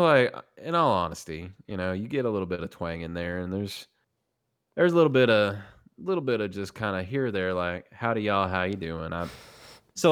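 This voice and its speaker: A man's voice: low-pitched, a bit bright, clean tone. A man with a Tennessee Southern accent, a podcast guest chatting casually in a loose, emphatic way with the odd swear. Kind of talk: casual chat.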